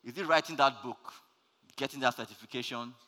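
Bright-voiced preacher in a reverberant hall. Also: male voice, mid-range voice, brisk. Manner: energetic preaching, rising loud then dropping soft. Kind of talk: sermon.

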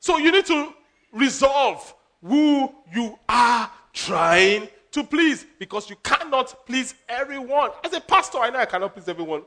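A man preaching a sermon as a pastor, animated, laughing and acting out quotes. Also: very high-pitched, a little slow.

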